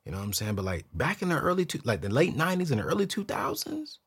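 A man hosting a money show, telling a casual story to camera in a slangy, animated way and repeating words when excited. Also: on the high side, fast, breathy edge. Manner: slangy, keeps it real with viewers. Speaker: host.

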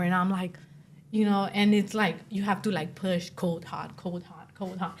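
Young woman guest, casual storytelling, leans on "like", acts out other people's lines, mid-pitched. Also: steady tone, slight background noise. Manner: speaks in quick runs full of "like", acting out what others said. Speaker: interview guest.

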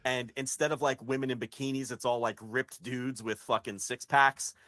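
A man's voice: mid-range voice, steady tone, normal speed, sharp tone. A man co-hosting a wrestling podcast, talking bluntly and at length in casual, profane chat with frequent restarts.

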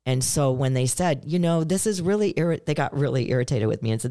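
A woman's voice: extremely low pitch, quick pace. A middle-aged woman co-hosting a podcast, telling a personal story in an earnest, conversational way and acting out the lines she quotes. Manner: earnest, storytelling, animated when quoting. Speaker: podcast co-host. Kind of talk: casual chat.

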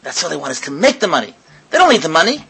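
A rabbi delivers an animated sermon to an audience, firing off rhetorical questions, repeating his words and sprinkling in Hebrew and Yiddish terms. His voice is a little high and rapid-fire, with noise in the background.

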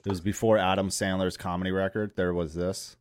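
A man's voice: sits low, flat delivery, fairly quick. A man hosting a casual stream chat, laughing often and swearing freely. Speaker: stream host.

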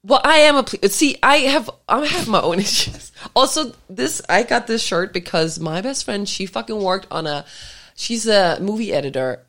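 A woman's voice: mid-range voice, animated, normal speed, fairly bright tone. A woman co-hosting a podcast, blunt and sweary in casual chat, laughing often. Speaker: podcast co-host.

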